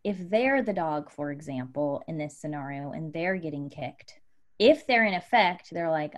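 A woman life coach explaining ideas to her guests with lively examples. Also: low voice, normal speed. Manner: animated, teaching with examples.

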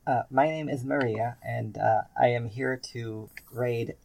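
A woman playing a tabletop game who speaks in a halting, hesitant way. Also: extremely low pitch, fairly even intonation, creaky, a little mellow, slight background noise, low-quality recording. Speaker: player.

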